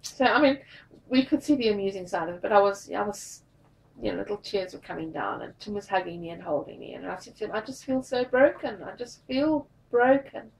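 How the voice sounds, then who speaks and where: A tired, drained woman telling a personal story in a confessional vlog, halting and repeating her words. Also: medium pitch, gravelly, recorded from a distance, a little hiss or hum, poor audio. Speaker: vlogger.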